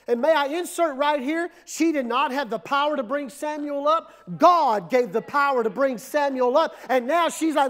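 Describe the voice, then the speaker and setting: A pastor with a very high-pitched voice for a man, preaching a sermon to his church. He hammers home points with repetition, swinging between hushed lows and loud surges. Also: normal speed, hardly any pauses. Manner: emphatic, repetitive preaching with dramatic drops and surges.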